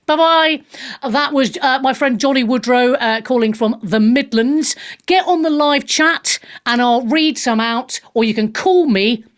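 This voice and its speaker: A woman's voice: high-pitched, unhurried. A woman hosting a live radio talk show, chatting frankly with callers and reading the chat, with frequent restarts and blunt language.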